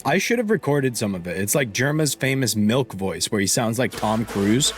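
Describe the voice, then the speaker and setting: A young man chats loosely with his live-stream audience while he plays, his pitch jumping up and down as he rambles. He trails off mid-thought, restarts, and laughs a lot, with hiccups catching his voice. Faint music runs underneath. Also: lively intonation, normal speed, few pauses. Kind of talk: casual live-stream chat while gaming.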